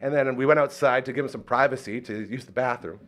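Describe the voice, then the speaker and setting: A man from Saskatchewan hosts a podcast and tells a story in relaxed, casual chat. He jumps into a high, excited voice when he acts out what people said. His pitch sits in the middle range for a man. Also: fast talker. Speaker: podcast host.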